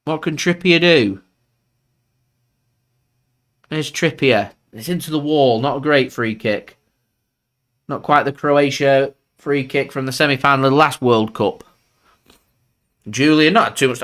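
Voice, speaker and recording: Hosting a live football watchalong stream from home, a football fan channel host chats loosely and reacts to the play as it unfolds. His mid-range voice is a bit bright and unhurried, with frequent pauses.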